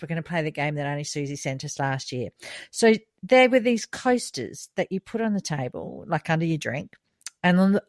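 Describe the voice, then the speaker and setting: A middle-aged woman co-hosting a podcast, telling family stories in a lively way and laughing often. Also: deep voice, no room sound. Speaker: podcast co-host. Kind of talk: casual storytelling chat.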